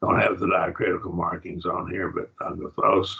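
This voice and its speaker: A man's voice: sits low, little pitch movement, normal speed, creaky, husky. A man teaching a classroom grammar lesson, patiently repeating words as he explains. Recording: dull lo-fi recording.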